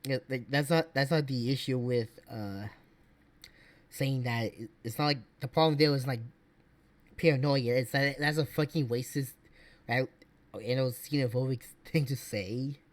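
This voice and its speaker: A man's voice: medium pitch, unhurried. A man streaming casual reaction commentary, rambling with many fillers and restarts.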